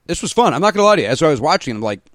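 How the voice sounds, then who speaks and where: A man's voice: a little high, rapid-fire, no echo. A man guesting on a comedy podcast, joking and breaking into silly voices. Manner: animated, jokey, bursts into voices. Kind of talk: casual comedic chat.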